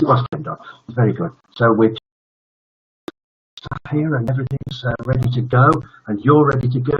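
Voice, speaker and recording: A man's voice: mid-range voice, slightly rough. An older man from the north of England hosting a casual live stream, joking and greeting viewers by name. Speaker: host of a live family stream. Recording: muffled lo-fi audio.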